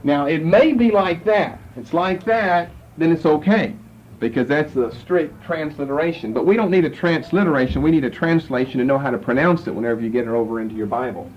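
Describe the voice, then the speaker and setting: Guy teaching a bible class, kinda high voice, walks you through it step by step, faint hiss behind. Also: fairly quick. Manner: explanatory, walks listeners through verses. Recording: dull lo-fi lecture recording with faint noise.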